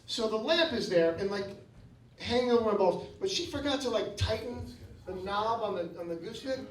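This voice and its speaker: Male comic, animated stand-up, echoey club recording from a distance. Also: high voice, fairly quick. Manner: animated, talks to the crowd. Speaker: stand-up comedian. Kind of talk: stand-up storytelling. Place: comedy club. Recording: echoey club, distant mic, loud crowd.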